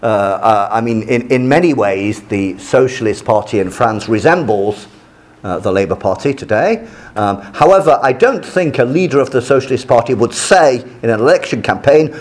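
Male lecturer, animated, bouncing intonation, stop-start phrasing. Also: medium pitch, moderate pace. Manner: animated, acts out quoted voices, many restarts; switches to French asides. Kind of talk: university lecture on politics.

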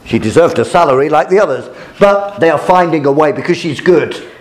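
A man teaching a class as their examiner, lecturing in a halting way with many fillers and restarts. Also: a little high, animated.

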